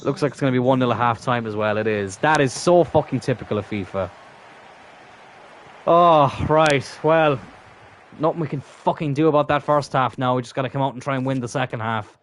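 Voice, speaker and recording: A young man commentating his own gameplay live, swearing constantly and swinging from exasperated outbursts to low muttering. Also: brisk, a little hiss or hum. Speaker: gaming channel host.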